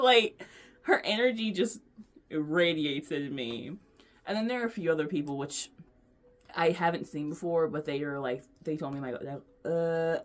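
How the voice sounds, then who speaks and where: Young woman vlogger, low voice, rambling, chatty, affectionate. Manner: rambling, chatty, lots of fillers and restarts; gushing, affectionate. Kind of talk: casual chat.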